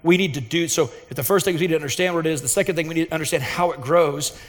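High-voiced pastor preaching in a reverberant hall. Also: male voice, very fast. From Texas, USA. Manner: earnest and emphatic, building to fervent intensity. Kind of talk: sermon with personal storytelling.

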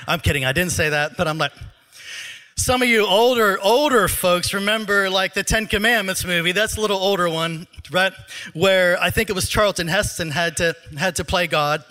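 A middle-aged pastor preaching a sermon on a handheld mic in church, animated and joking, with a troubled throat he clears often. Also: sits high, moderate pace. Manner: animated, joking, laughs at his own asides.

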